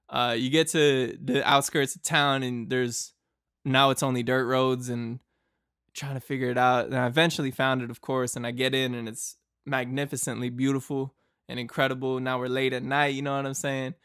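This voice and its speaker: A man's voice: medium pitch, fairly bright tone, smooth, dry recording, studio quality. A young man from Boston, hosting a podcast and telling a travel story in a loose, rambling way, full of fillers and laughs. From Boston, United States. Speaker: podcast host.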